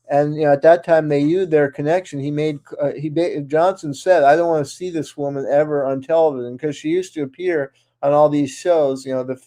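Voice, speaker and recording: A man's voice: mid-range voice, dark tone. A man speaking as a guest on a radio interview show, talking in long runs with many restarts and fillers. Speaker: guest author.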